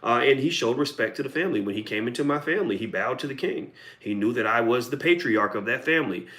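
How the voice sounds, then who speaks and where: Middle-aged man from Kentucky, host of his own commentary channel, blunt and swearing, animated delivery swinging up and down. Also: medium pitch, quick pace. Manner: blunt, profane, combative, emphatic. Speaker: online commentator. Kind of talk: video commentary monologue.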